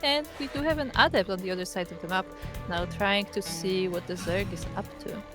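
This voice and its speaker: A woman's voice: mid-range voice, brisk, over music. A woman casting a live esports match, casual and chatty, often saying "like". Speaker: esports caster. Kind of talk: live game commentary.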